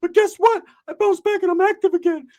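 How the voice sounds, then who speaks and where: A man voicing an excitable small-time ex-con who whines in a high, squeaky voice and keeps blurting "whooping.". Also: fairly quick. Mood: boastful.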